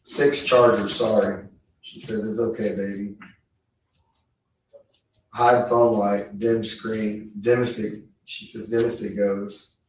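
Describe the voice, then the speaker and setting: A man on the witness stand reading text messages aloud in a slow, measured way. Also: lowish voice, flat delivery, a little hiss or hum. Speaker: trial witness. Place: courtroom. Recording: echoey courtroom feed, distant mic.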